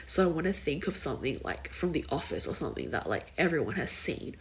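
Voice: mid-range voice, sing-song, fast, creaky, a little hiss or hum, rough recording. A young adult podcast host chatting casually on their own. The talk wanders and is full of "like" and "kind of", with loose, half-finished thoughts. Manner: rambling, filler-heavy, many likes and kind ofs. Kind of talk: casual solo podcast chat.

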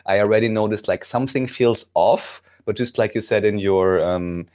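A man's voice: on the low side, moderate pace, darkish tone. A man interviewing a guest, asking long winding questions full of fillers. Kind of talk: casual interview.

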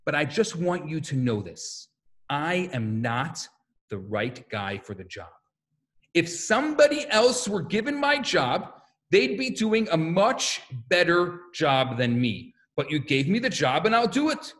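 A man's voice: on the high side, sing-song, measured pace, a bit bright. A man voicing a humble biblical prophet who speaks in plain, self-deprecating pleas.

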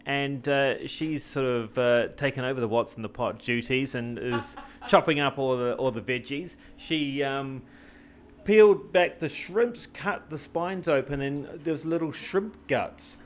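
A man's voice: medium pitch, measured pace, a little hiss or hum. A man hosting a casual travel cooking vlog, talking in a rambling, jokey way with lots of fillers and restarts. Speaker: travel vlogger and host.

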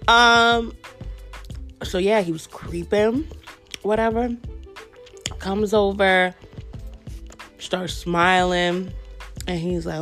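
A woman's voice: medium pitch, extremely slow, long pauses, soft background music. A woman in her twenties chatting casually to her viewers, telling a story bluntly with plenty of swearing while she snacks. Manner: blunt, profane, animated retelling. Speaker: vlogger.

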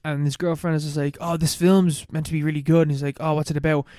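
A man's voice: a little high, level tone, darkish tone, no echo, clean studio sound. A man in a casual chat, rambling and laughing as he recaps a film plot. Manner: rambling, laughing, swearing, fast storytelling.

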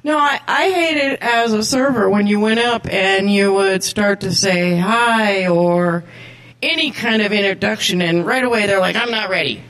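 A woman's voice: medium pitch, unhurried, a bit bright, rough recording. A woman, a former server, chatting casually as a guest and chiming in with short agreeing remarks. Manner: brief, agreeable interjections. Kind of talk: casual chat.

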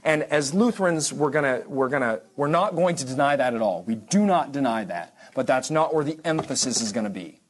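A man's voice: medium pitch, animated, a little fast, hardly any pauses. A man giving a church history lecture to a congregation class, conversational and digressive, with frequent restarts and dry asides.

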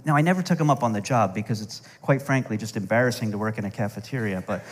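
A middle-aged American pastor preaches a sermon, telling stories full of humor and asides. His voice is lowish and he talks fast, with long hall reverb around him.

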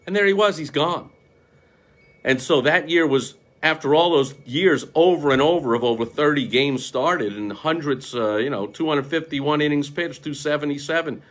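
A man's voice: a little high, a bit bright. A middle-aged man from New York talking casually and passionately to camera, rambling through memories and reeling off statistics. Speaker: vlogger, baseball fan.

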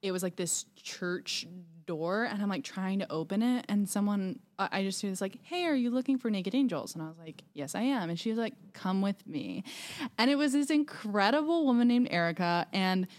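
A woman's voice: mid-range voice, lively intonation, fairly quick, few pauses. A young woman co-hosting a podcast, telling a story in casual chat with lots of fillers and restarts. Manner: chatty storytelling with many fillers. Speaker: podcast co-host.

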